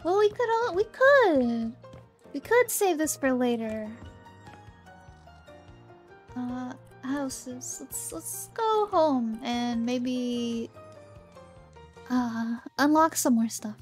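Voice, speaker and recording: High-pitched young woman streaming, bubbly and giggly, soft music underneath. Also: lively intonation, drawn-out words, pauses often. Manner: bubbly, giggly, chatting to viewers. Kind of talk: casual game livestream chat.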